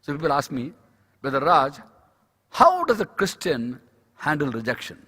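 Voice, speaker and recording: A man's voice: a little high, very animated, normal speed, bright, forceful tone, breathy edge. Man preaching in an echoing hall. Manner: storytelling, acts out dialogue, repeats key phrases. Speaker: speaker at a medical Christian conference. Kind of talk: devotional sermon. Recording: reverberant conference hall.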